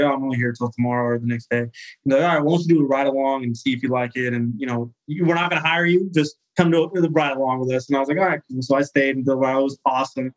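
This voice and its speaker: A man in his thirties from California, a firefighter guest telling a story in a casual interview, animated and acting out the people he quotes. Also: fairly high pitch, poor audio. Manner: animated, acts out quoted voices.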